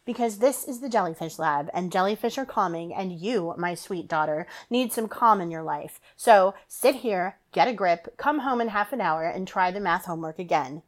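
A woman's voice: on the low side, animated, normal speed, few pauses, lightly acted. A woman voicing a wry, firm mother who is a ship's doctor in a story.

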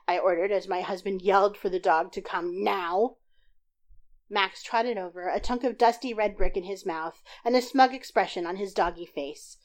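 Woman, podcast host, reading her own story, in bed, tablet recording, getting over a sinus infection, expressive. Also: mid-range voice. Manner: lively, expressive reading that raises her voice for dialogue. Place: in bed at home. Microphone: tablet recording app.

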